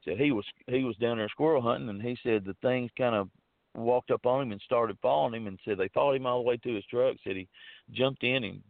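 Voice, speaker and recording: A man's voice: medium pitch, brisk, vocal fry, dry recording. A man from Arkansas with a Southern accent, telling a long hunting story in a rambling, folksy way with many fillers and restarts. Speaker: storyteller guest. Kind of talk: casual spoken storytelling. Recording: dry, phone-like narrow sound.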